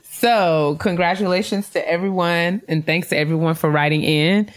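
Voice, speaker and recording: Low voiced woman cohost reading listener shout-outs, laughs easy. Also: moderate pace. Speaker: podcast co-host. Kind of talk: casual chat, reading listener emails.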